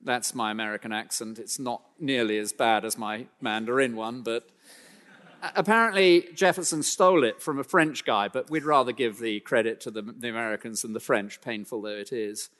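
A man preaching a sermon in an emphatic style, climbing in pitch and force for key points, then dropping low and quiet, with dry self-deprecating asides. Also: normal speed, in a large hall.

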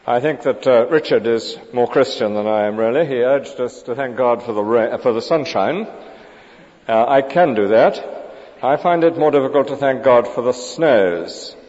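A man's voice: medium pitch, moderate pace, darkish tone. Guy giving a sermon, chatty with lots of uhs, muffled lo-fi sound, long church echo. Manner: conversational, with hesitant fillers. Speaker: preacher. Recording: dull lo-fi church recording with long reverb.

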